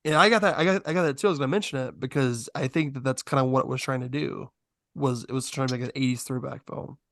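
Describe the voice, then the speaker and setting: A man co-hosting a podcast, talking in a rambling, animated way with lots of fillers. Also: medium pitch, fast talker, creaky, no echo, studio quality. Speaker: podcast co-host. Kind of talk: casual podcast chat.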